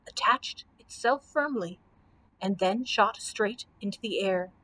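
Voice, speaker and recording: A woman librarian reading a children's book aloud with expressive storytelling. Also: a little high.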